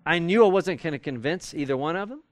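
Animated man teaching a Bible class. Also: on the high side, quick pace, no room sound. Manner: conversational, animated, acts out quoted arguments. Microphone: recorded for audio with a live class.

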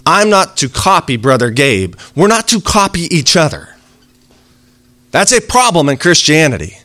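A man's voice: a little high, sing-song, normal speed, pushed and bright, no room sound. Guy preaching, earnest and chatty, voice bouncing all over, dry close sound. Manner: earnest, conversational preaching with acted-out quotes. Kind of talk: sermon.

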